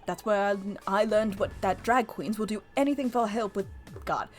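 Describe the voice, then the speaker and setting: A woman's voice: mid-range voice, moderate pace, soft background music, close to an everyday voice. A woman voicing a flamboyant British gay male makeup artist, reading game dialogue in a put-on British accent with a theatrical drawl. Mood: wistful.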